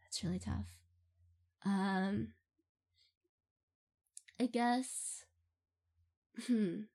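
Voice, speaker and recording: Speaking extremely slowly, this young woman has a medium-pitched, slightly mellow voice with fairly even intonation. She's an audio role-play creator fielding fan questions in a casual, rambling chat, often giggling and using many fillers.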